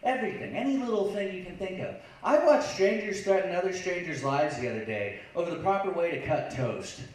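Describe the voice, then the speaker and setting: This stand-up comic, with a high, animated voice and a brisk delivery, plays a lounge before a live crowd, sarcastically acting out voices from the internet. He is far from the mic and the sound is very echoey.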